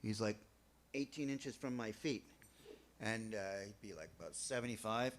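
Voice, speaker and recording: Animated, jokey male storyteller. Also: lowish voice, normal speed, a little hiss or hum. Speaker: band member. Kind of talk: casual storytelling in an interview.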